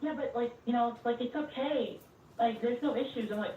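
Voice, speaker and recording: A young woman telling a story in casual chat, animated, swearing a lot and acting out both sides of an argument. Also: fairly high pitch, normal speed, muffled recording. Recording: roomy, from a distance, faint noise.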